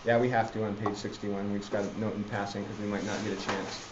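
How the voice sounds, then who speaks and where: A man's voice: fairly low pitch, flat delivery, quick pace, very noisy. A man teaching a literature class, rambling with many fillers and restarts. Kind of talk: classroom lecture. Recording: roomy, dull classroom recording.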